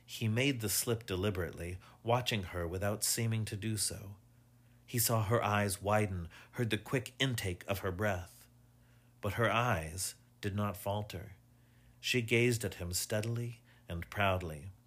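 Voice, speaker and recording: A man reading a mystery story aloud as narrator, in a measured, even storytelling manner. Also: on the low side.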